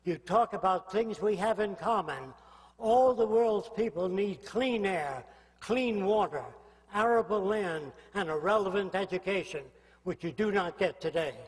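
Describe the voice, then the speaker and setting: An older man giving a public lecture, blunt and provocative, prodding his listeners with rhetorical questions. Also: high voice. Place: lecture hall. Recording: echoey hall reverb.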